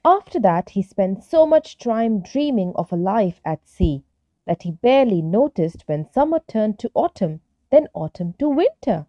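A woman narrating a children's story in a gentle, expressive storytelling manner. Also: medium pitch, normal speed, no echo, muffled recording.

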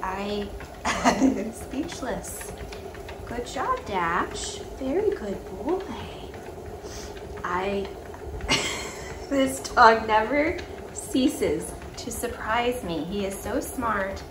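A young woman speaks to her dogs in a fond, gentle way, drawing out her praise at an unhurried pace. Her voice sits a little high. A treadmill motor hums clearly through the whole home recording. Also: echoey room. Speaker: vlogger and dog owner. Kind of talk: casual chat. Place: indoors at home beside a running treadmill. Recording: steady treadmill motor noise behind.

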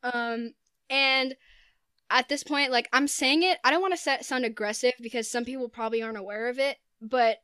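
An earnest young woman chats as a podcast guest, filling her thoughts with "like". Her voice is smooth and a touch high. The room is dry. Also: normal speed, bright, forceful tone, no room sound. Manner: earnest, lots of "like" fillers. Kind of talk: casual podcast chat.

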